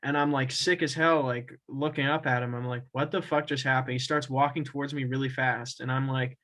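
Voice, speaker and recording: A man's voice: mid-range voice, fairly even intonation, a little fast, fairly bright tone, poor audio. A young man co-hosting a casual podcast, telling a rambling story full of swearing, with laughs breaking in. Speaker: podcast co-host. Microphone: own camera and mic at home.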